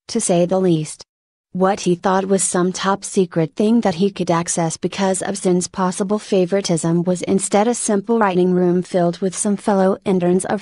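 A woman narrating a short story in a steady, even reading voice. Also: on the low side, dry recording, studio quality.

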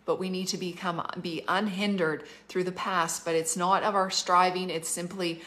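A woman's voice: on the low side, fairly even intonation, moderate pace, a bit bright. Fervent woman preaching on a livestream. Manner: fervent, emphatic, speeds up in asides. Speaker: prophetic minister and school leader. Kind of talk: livestreamed prophetic teaching.

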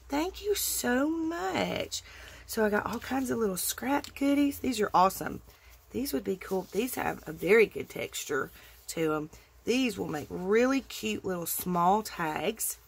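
A woman's voice: medium pitch, slightly rough. A woman hosting a crafting channel, gushing with delight as she unboxes a happy-mail package. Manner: gushing, effusive, drawn-out exclamations.

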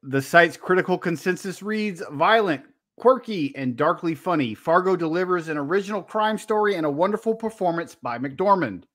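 A man's voice: high voice, animated, normal speed, hardly any pauses, fairly bright tone. Rambling storytelling man co-host. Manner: rambling, anecdotal. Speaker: podcast co-host. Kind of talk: casual chat and storytelling.

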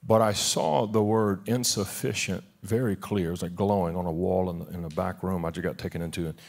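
A man's voice: low-pitched, steady tone, brisk, creaky, darkish tone. A man pastoring a church service, talking in an informal, heartfelt way with many restarts, then praying. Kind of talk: sermon and prayer. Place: church sanctuary.

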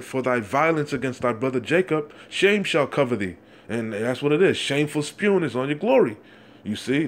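A man preaching from scripture, reading verses slowly and breaking in constantly with "you see?" and "man.". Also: mid-range voice, a little hiss or hum. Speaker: street preacher. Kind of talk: fiery scripture exposition.

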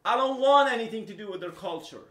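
A middle-aged man, a native Arabic speaker from the Middle East who owns a software company, ranting to camera with passion, repeating himself and swinging between loud and low. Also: lively intonation, fast talker, roomy sound. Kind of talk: unscripted rant to camera.

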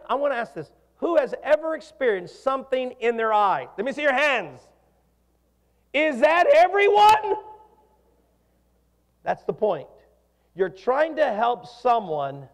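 A middle-aged man preaching a sermon as pastor, animated and putting questions to his congregation. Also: high-pitched. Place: church hall. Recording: reverberant hall.

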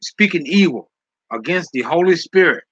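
A man's voice: fairly high pitch, expressive, moderate pace, a bit bright, husky, no room sound, lo-fi sound. A man hosting a live stream, reading chat and giving dating advice in a preachy way, often tagging on "okay?" and "all right?".

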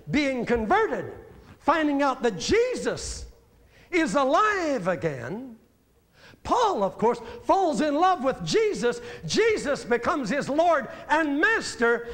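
An older male evangelist preaching in a very high voice. His pitch swoops and climbs as he goes. He drops into quiet, musing passages and then rises again into ringing exhortation. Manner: reflective preaching, swinging between quiet musing and raised exhortation. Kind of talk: sermon.

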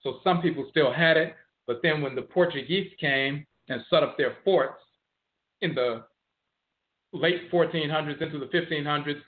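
A man giving a lecture on history and word origins, slowly explaining, repeating and spelling out terms. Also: fairly high pitch. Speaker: teacher of ancestral religion. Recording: tinny phone-like audio.

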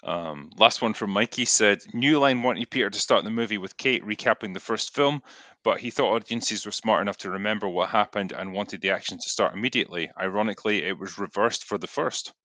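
Dry-voiced, bright-toned male chat host. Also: lowish voice, brisk, dry recording. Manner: profane, laughs easily. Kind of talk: casual chat, reading viewer questions.

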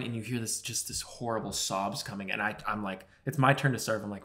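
A man co-hosting a podcast, telling a long story in a rambling, animated way with lots of swearing and filler words. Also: medium pitch, a little fast, few pauses. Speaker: podcast co-host. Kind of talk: casual storytelling chat.

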